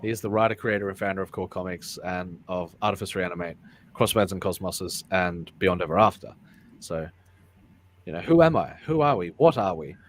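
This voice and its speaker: A man's voice: deep voice, expressive, a little fast, a little hiss or hum. A man hosting a casual live-streamed talk show, rambling and repeating his words, often breaking into laughs. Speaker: podcast host.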